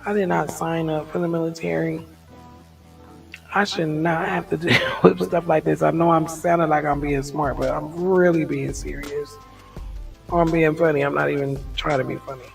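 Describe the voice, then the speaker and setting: A woman vlogger speaks in a frank, rambling monologue, often laughing things off to ease stress. Her voice is gravelly with a fair amount of fry. She sits some way from the mic, with faint music in the background. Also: sits low, fairly even intonation, moderate pace, recorded from a distance, low-quality recording. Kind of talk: candid reflective monologue.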